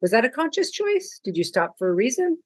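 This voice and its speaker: A podcast host interviewing a guest, summarizing her words back to her and asking gentle follow-up questions. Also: mid-range voice, sing-song, brisk, no echo, poor audio.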